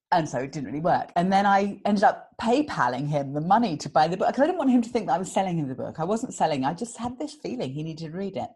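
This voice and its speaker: With a medium-pitched, slightly rough voice, this British woman appears as a guest author in a relaxed interview. She tells animated stories, laughing frequently and performing other people's quotes.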